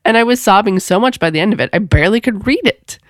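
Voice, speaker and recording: A woman's voice: fast talker, dry recording. Woman host, 30s, casual chatty monologue, laughs a lot, dry close sound. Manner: animated, laughing, swoops into high squeals. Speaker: podcast host.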